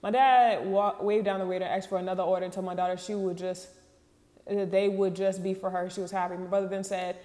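A woman's voice: mid-range voice, flat delivery, fast, dark tone, long reverb tail. A woman hosting a casual show, reading online posts aloud and reacting with candid, slangy asides and laughs.

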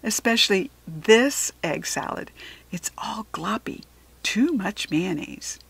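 A woman's voice: medium pitch, lively intonation, takes it slowly, creaky, a bit bright, slightly rough, no room sound, full character voice. A woman voicing an anxious schoolgirl who has become a lunch lady, talking in a nervous, fretting way. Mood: flustered.

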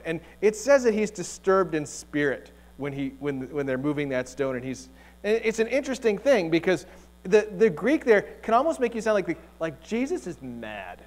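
Speaking at a moderate pace in a high-pitched, very animated voice, a male pastor preaches conversationally in a church sanctuary. He cracks jokes and asks the congregation rhetorical questions.

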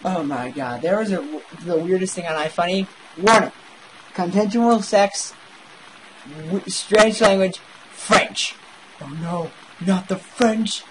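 A man's voice: high voice, takes it slowly, background noise. A man commentating on a horror game, sarcastic and jokey, swearing now and then. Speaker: gaming video host.

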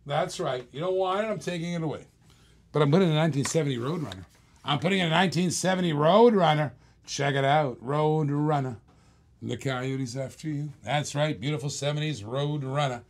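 A man's voice: a little high, a little fast. Chatty live-stream auctioneer man. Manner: chatty auctioneer patter, jokes with chat. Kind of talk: live-stream diecast car auction patter.

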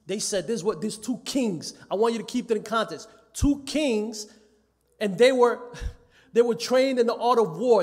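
A church elder delivers a sermon in a strikingly high voice, driving points home by repeating his phrases. He lends quoted speakers their own voices as he goes. The sound carries the long reverb of a church sanctuary on a live stream. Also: darkish tone.

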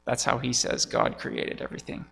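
A man's voice: moderate pace, pushed and bright. A man preaching a sermon to his congregation, teaching as he goes and putting questions to the listeners. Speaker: pastor. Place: church sanctuary. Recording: long church reverb.

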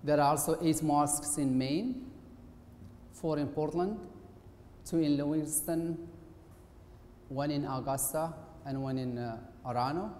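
A man's voice: on the high side, unhurried, long pauses, mellow. Man lecturing in an echoey hall. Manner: conversational and hesitant. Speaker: guest lecturer, occupational therapist. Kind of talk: presentation lecture. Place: university auditorium. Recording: echoey hall with faint hiss.

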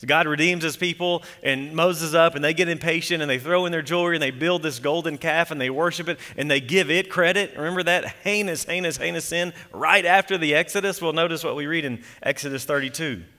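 Bright-voiced man preaching in a reverberant church. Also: fairly high pitch. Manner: earnest expository preaching, slows and softens for scripture reading. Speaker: pastor. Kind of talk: sermon. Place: church sanctuary.

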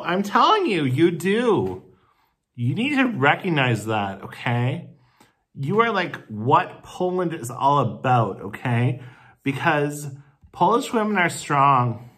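A man performing a comedy sketch monologue to the camera, playing a supportive friend. He speaks slowly, drawing out the stressed phrases. He moves between soft coaxing and profane, indignant outbursts in a mid-pitched voice. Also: breathy edge. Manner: gushing, emphatic and profane, with drawn-out stressed phrases. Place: home, where he lives in the city.

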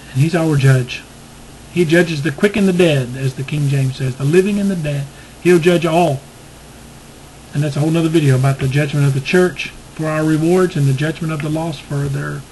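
A man's voice: a little high, low-quality recording. Preacher guy leading a salvation prayer, earnest, repeats himself, lots of you-knows, slight hiss behind. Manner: earnest, repetitive, halting with fillers.

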